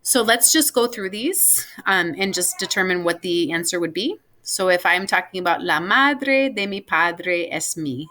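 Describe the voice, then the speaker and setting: Bright-voiced woman teaching Spanish vocabulary. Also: fairly low pitch, animated, a little slow, hardly any pauses. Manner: patient, explains vocabulary step by step with many ums. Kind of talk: recorded class lesson.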